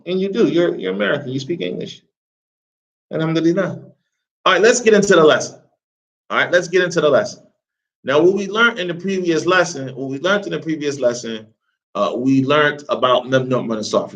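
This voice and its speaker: A man's voice: mid-range voice, a bit bright. Casual male Arabic teacher, lo-fi. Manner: casual, repeats phrases, asks the class questions. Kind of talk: live classroom lesson. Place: classroom.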